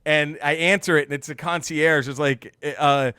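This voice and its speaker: Comic male storyteller, high and bright voice, dry close sound, laughs through his lines. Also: moderate pace, clean tone, dry recording. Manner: animated, laughing storyteller who acts out quotes. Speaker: podcast co-host, stand-up comedian. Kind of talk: casual storytelling chat.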